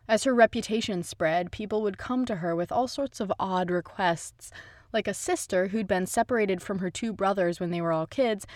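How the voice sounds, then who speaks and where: A woman narrating a scripted documentary story in a measured, even way. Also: mid-range voice, no room sound. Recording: dry close-mic studio voice.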